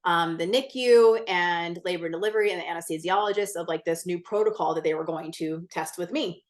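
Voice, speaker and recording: Speaking a little fast in a fairly low voice, a podcast guest shares something personal during a casual interview. Her chatty delivery is frank and intense, with frequent swearing and a steady stream of "like."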